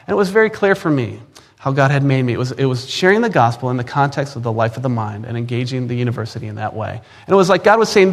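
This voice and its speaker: A man's voice: medium pitch, expressive, fast talker. A man in his forties with an Upper Midwest American accent, preaching a personal testimony, earnest and emphatic, repeating words when he presses a point.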